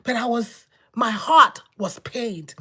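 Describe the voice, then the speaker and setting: A woman giving a personal testimony as a sermon, telling her story with repetition and dramatic pauses. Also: on the high side, bright, forceful tone, breathy edge. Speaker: preacher.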